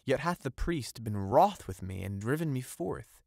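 A man's voice: mid-range voice, very animated, measured pace, creaky, darkish tone, dry recording, studio quality, pitched above the performer's own voice, full character voice. A man doing an earnest young fisherman. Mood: pleading. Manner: earnest, pleading, eager. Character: eager naive young fisherman.

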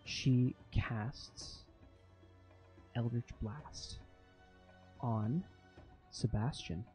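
A man's voice: medium pitch, extremely slow, warm tone, soft background music. A man running a tabletop game as game master, narrating monster actions vividly and explaining rules, with frequent fillers.

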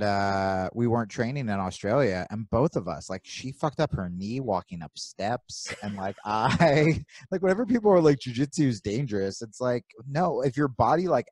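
A man from New Jersey co-hosting a podcast, telling animated stories with plenty of swearing and acting out his own inner voice. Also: mid-range voice, no room sound. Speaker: podcast co-host. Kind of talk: casual chat.

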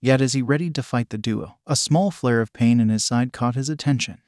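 A man narrating a fan-fiction story in a steady storytelling manner. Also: medium pitch, brisk, dry recording, clean studio sound.

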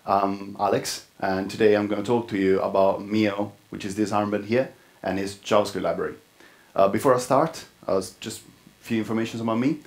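A man's voice: on the low side, steady tone, brisk. A man from Italy with an Italian accent, speaking at a conference in an informal way with frequent fillers. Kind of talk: tech conference talk.

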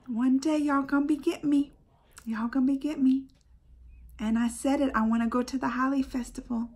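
A woman's voice: high-pitched, steady tone, brisk, darkish tone, husky. A woman hosting a casual reaction vlog, gushing emotionally to her viewers and often dropping to a whisper. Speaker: YouTube reaction host.

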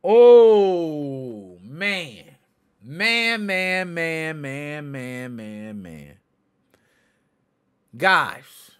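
A male podcast host talking casually to his viewers in a fairly high voice. His pitch swings widely and his manner is chatty and lively. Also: drawn-out words, clean tone. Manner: chatty, addresses viewers directly, answers chat. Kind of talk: casual livestream chat.

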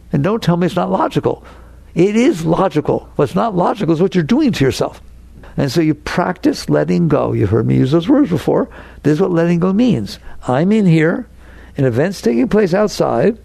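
A man giving an inspirational talk as a spiritual teacher, animated and acting out anxious inner voices. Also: high voice, normal speed, creaky, no echo.

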